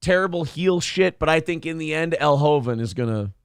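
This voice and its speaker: A sarcastic male co-host joking his way through clips, his voice a little high and very animated. The sound is dry and close, with no room around it. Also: a little fast, clear, resonant tone, dry recording. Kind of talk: casual comedic commentary.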